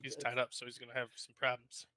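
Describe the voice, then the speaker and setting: A male tabletop player with a bright, forceful tone. He talks about his moves in a flat, offhand way. The recording is close and dry, with no room sound. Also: medium pitch, fast talker, dry recording. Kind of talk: casual tabletop play.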